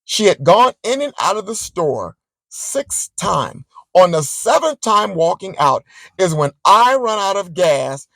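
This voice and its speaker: A man vlogging, chatting straight to his viewers as he tells a story in a casual, animated way. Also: high voice, unhurried, gravelly, no echo, rough recording.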